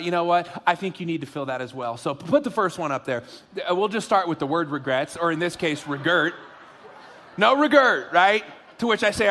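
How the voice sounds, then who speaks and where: A middle-aged man preaching a sermon in a church, joking and animated at first, then earnest. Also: sits high. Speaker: pastor. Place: church auditorium.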